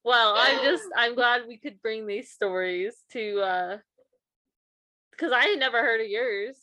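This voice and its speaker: A woman's voice: fairly high pitch, unhurried, sharp tone, dry recording. A young woman co-hosting a podcast in casual chat, reacting and often trailing off mid-sentence. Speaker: podcast co-host.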